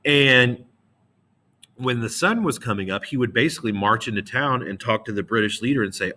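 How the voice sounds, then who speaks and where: A man's voice: mid-range voice, normal speed, bright, forceful tone. A man teaching a middle school history lesson in a casual, slangy way, with frequent fillers and restarts. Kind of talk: classroom history lecture.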